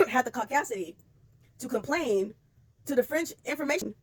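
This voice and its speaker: A woman ranting bluntly on camera, swearing freely and talking in an animated, exasperated way. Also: high voice, normal speed, breathy edge. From United States. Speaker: vlogger. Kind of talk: casual commentary rant.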